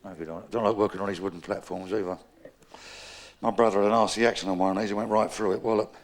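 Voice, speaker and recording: A middle-aged man telling stand-up jokes on a live stage, rowdy and shouting out sound-effect punchlines. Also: on the low side, fairly even intonation, rapid-fire. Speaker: stand-up comedian. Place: live stage before an audience.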